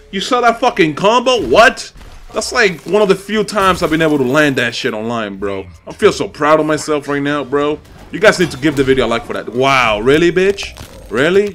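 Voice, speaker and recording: A young man hosting his gaming channel, commentating live ranked matches with constant profanity and excitable trash talk aimed at his opponents. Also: on the high side.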